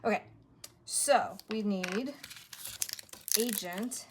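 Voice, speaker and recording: A woman's voice: mid-range voice, lively intonation, measured pace, background noise. A woman crafting at home, chatting casually and thinking aloud as she stamps, sounding a bit winded. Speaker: craft video creator.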